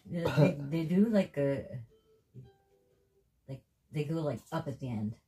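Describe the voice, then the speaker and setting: A woman's voice: low voice, lively intonation, a little slow, dark tone, soft background music, low-quality recording. A Japanese woman with a Japanese accent, chatting casually and teasing in a playful way. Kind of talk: casual chat.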